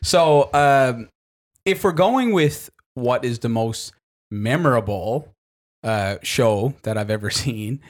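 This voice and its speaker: A man spins a rambling personal story on a chat podcast. His voice sits at an ordinary middle pitch. He swears often and laughs his way through it. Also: lively intonation, slow pace. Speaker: podcast co-host.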